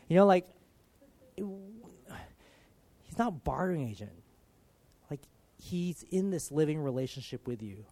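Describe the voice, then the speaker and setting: Earnest man preaching casually, higher voice. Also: lively intonation, unhurried, long pauses, dark tone. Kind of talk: casual conversational sermon.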